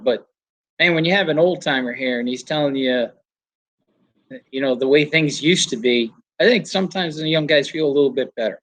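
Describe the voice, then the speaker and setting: A man's voice: on the high side, a little fast, fairly bright tone, poor audio. An older man, a flooring trainer, chatting casually and telling stories about the trade with quoted voices. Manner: storytelling with quoted voices and laughs. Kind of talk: casual chat.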